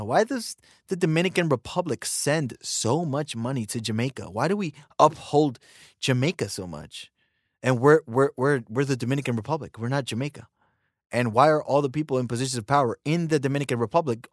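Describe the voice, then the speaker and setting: An American man talks through a casual podcast rant in an emphatic, animated way, hammering words through repetition. His pitch leaps and dips constantly and sits a little high for a man. The recording is close and dry, with no room sound. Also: no echo. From United States. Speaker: podcast host. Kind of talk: casual ranting monologue.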